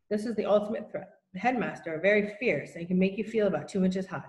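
A woman reading a children's novel aloud in plain, unhurried narration with small slips. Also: mid-range voice, darkish tone, reverberant, poor audio. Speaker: reader.

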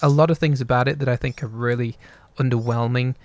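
A man's voice: medium pitch, steady tone, quick pace, dry recording. A man co-hosting a casual talk show, rambling in an easygoing way. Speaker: podcast co-host. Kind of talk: casual chat.

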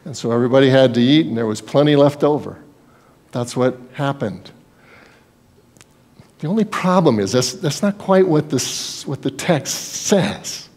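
At a measured pace and medium pitch, a male pastor preaches expressively and emphatically. He asks his congregation rhetorical questions, his volume rising loud and then dropping to a hush.

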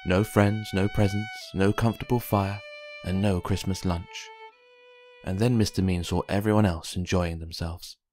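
Male storyteller, low voice, gentle and expressive, faint music behind. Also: normal speed. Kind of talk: children's book read aloud. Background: faint background music.

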